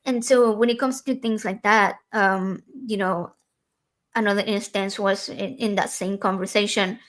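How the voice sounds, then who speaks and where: A woman's voice: medium pitch, fairly even intonation, a little slow. A woman talking earnestly and personally in a casual podcast conversation, with frequent fillers and restarts.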